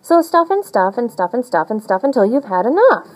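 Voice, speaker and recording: A woman reads a rhyming picture book aloud in a bouncy, sing-song way. Her pitch rises and falls widely from line to line. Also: a little fast, rough recording. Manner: animated, sing-song storytelling. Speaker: storybook reader.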